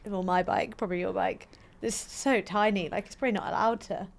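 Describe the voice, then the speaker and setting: A woman co-hosting a podcast, chatting and firing off quick questions. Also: mid-range voice, fairly even intonation, vocal fry. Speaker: podcast co-host. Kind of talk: casual podcast chat.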